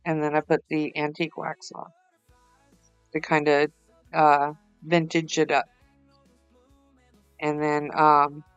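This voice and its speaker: A tired, yawning woman with a low, smooth voice narrates a craft project as a vlogger, rambling chattily and using lots of fillers. The recording is dry and of poor quality.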